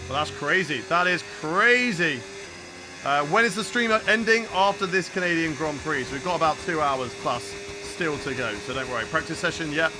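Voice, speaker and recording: A man's voice: a little high, fairly quick, few pauses, background noise. A young man live-streaming a racing game, chatting casually and answering viewer questions between laps. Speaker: gaming streamer.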